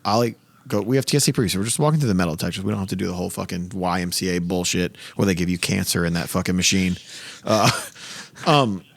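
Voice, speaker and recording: A man's voice: low voice, fast talker, gravelly, no echo. A man in his thirties hosting a podcast, telling stories in a profane, ranting way in casual chat. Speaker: podcast host.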